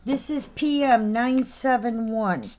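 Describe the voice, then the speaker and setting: A woman's voice: fairly high pitch, darkish tone, slight background noise. Chatty woman hosting a live sale. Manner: chatty, reads out item names and numbers slowly. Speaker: host of a live figurine sale. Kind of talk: casual live-sale chat.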